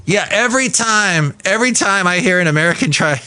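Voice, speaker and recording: A man's voice: high voice, expressive, fairly quick, bright, forceful tone, no echo. A man hosting his own podcast, chatting in a rambling, digressive way and correcting himself as he goes. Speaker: podcast host. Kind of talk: rambling solo podcast chat.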